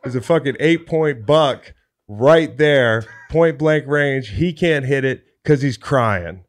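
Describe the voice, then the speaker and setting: A man co-hosting a sports podcast, telling a profane comic story with quick character voices in a casual chat. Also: mid-range voice, animated. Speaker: podcast co-host.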